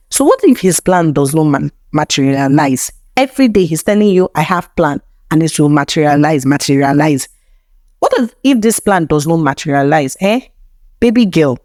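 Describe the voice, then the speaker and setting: A woman's voice: lowish voice, a little mellow, no echo, studio quality, lightly acted. A woman voicing a pushy young woman friend who lectures with sarcastic repetition. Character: scolding young woman friend giving blunt advice.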